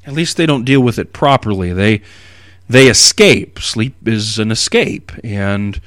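A man's voice: fairly low pitch, unhurried, no echo, studio quality. Man preaching through a Bible passage. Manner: expository, reads scripture aloud, animated emphasis. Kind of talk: sermon.

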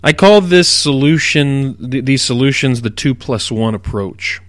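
A middle-aged man hosting a radio Bible teaching program, explaining at a measured pace and leaning hard on key words. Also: mid-range voice, animated, fairly bright tone, dry recording. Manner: measured, explanatory delivery with emphatic stresses.

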